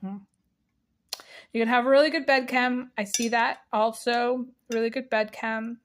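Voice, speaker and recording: A woman's voice: on the high side, steady tone, unhurried. A woman giving a casual spiritual tea reading, rambling with many fillers and breaking into giggles. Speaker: tea leaf reader.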